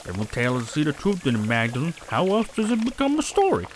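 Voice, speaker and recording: A man voicing a gruff older village charcoal burner in a put-on rustic, folksy storytelling voice for a game read-aloud. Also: on the high side, huge pitch swings, quick pace, a little hiss or hum.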